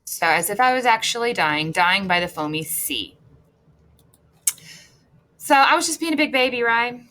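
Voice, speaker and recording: A woman's voice: a little high, sing-song, moderate pace, pauses often, sharp tone. A woman teacher walking students through a lesson online, thinking aloud as she composes, playful and encouraging.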